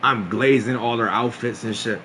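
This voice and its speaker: A man's voice: medium pitch, normal speed, sharp tone, slight background noise. A young man streaming a casual storytime, laughing often and restarting his sentences in slangy talk.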